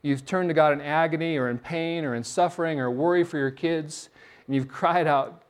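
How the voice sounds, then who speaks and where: A middle-aged man preaching a sermon, his voice sitting a little high for a man. He tells stories with energy and often stumbles into restarts and repeated words as he goes. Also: moderate pace. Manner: animated storytelling with frequent restarts and repeated words. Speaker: pastor.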